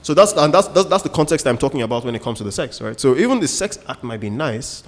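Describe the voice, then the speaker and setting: A man's voice: medium pitch, big pitch swings, fast, big-room sound. A man, co-hosting a casual podcast chat and explaining his views through examples and asides. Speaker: co-host.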